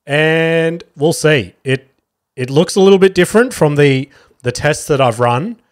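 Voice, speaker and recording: A man's voice: fairly high pitch, expressive, unhurried. An Australian man hosting a casual solo podcast, rambling through a story and swearing often. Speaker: podcast host.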